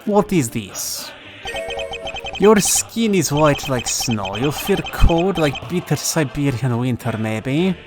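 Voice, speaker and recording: A towering Russian nurse, as a man puts him on growls broken English in a thick Russian accent. He drawls out every cold threat, pitched a little above a low, relaxed voice. Game music plays clearly underneath. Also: slow pace. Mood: menacing. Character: menacing male Russian nurse, huge and cold.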